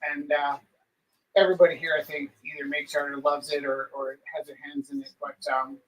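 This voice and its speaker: A man's voice: a little high, little pitch movement, a little fast, rough recording. A middle-aged man hosting a live art auction, chatting casually and rambling through stories with many fillers. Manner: rambling, storytelling with filler words. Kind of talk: casual live-stream chat.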